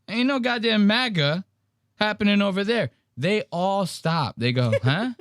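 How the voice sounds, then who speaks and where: A man's voice: high voice, measured pace, dry recording, studio quality. A man hosting a podcast, casually commenting on clips, swearing freely and acting out the people he quotes. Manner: animated, profane, acts out quotes in varied voices. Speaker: podcast host.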